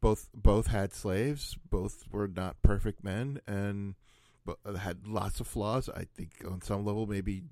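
Low-voiced man in dry casual chat. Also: fairly even intonation, takes it slowly, hardly any pauses, darkish tone, no room sound. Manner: musing, thinks aloud with many asides. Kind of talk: casual conversation.

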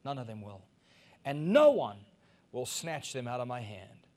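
A middle-aged man from Africa preaching a sermon as pastor, swinging between soft asides and loud, emphatic peaks. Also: medium pitch, big pitch swings, measured pace.

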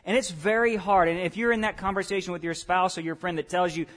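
A pastor preaching a sermon to a church congregation, asking them direct questions and moving between quiet asides and loud emphatic points. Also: male voice, high voice, steady tone, fairly quick, hardly any pauses.

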